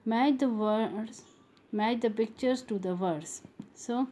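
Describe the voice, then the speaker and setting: A woman's voice: a little high, animated, slow pace, dark tone. A woman teaching a phonics lesson to young pupils, repeating each sound and word over and over.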